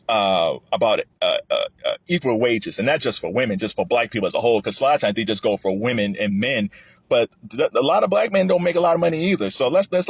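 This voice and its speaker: A man giving a casual political commentary monologue, animated and often restarting his sentences. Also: husky, dry recording. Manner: animated, rising high when emphatic, with frequent restarts. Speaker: commentary vlogger.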